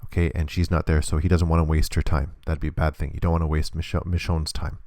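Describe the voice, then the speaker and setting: A male instructor with a low, gravelly, mellow voice talks fast but levelly through a hands-on demonstration lesson, explaining each step patiently. The recording is close and dry, with no room sound.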